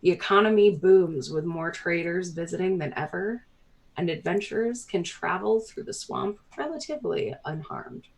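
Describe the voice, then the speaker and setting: A woman narrating as game master of a tabletop game, animated and laughing often. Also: fairly low pitch, moderate pace, gravelly, low-quality recording.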